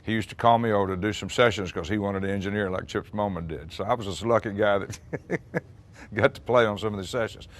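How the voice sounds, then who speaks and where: A man in his sixties, a musician recounting an old recording session in relaxed, chatty storytelling. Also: fairly low pitch, quick pace. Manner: chatty, acts out quoted dialogue, frequent restarts and laughs.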